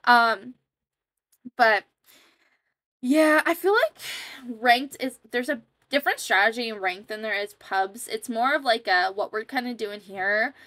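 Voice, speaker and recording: A woman's voice: on the high side, normal speed, pushed and bright, no echo. A young woman casually rambling as she comments over her own gameplay footage, chatty and self-deprecating. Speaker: gaming YouTuber.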